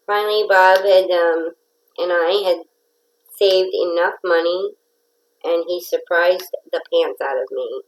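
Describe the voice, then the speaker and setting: A woman's voice: on the low side, rough recording. A nasal woman hosting a casual craft livestream, chatting and greeting viewers by name.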